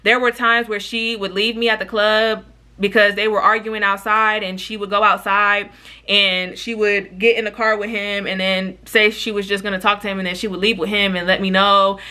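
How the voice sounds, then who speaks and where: Bright, animated young woman telling a story. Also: mid-range voice, moderate pace. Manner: animated, frank, slangy, swears freely, talks straight to viewers. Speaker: YouTuber. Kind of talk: casual storytime vlog.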